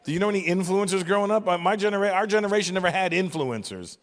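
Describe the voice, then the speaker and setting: A man in his fifties from Canada doing stand-up comedy with profane, animated, exasperated ranting. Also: sits high, fast, long reverb tail. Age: 50s.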